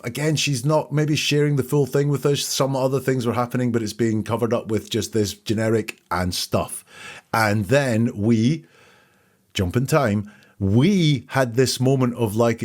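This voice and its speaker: A man hosting a podcast, calmly breaking down courtroom testimony and thinking aloud as he goes. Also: mid-range voice, moderate pace. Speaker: podcast host analyzing testimony. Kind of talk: analytical commentary.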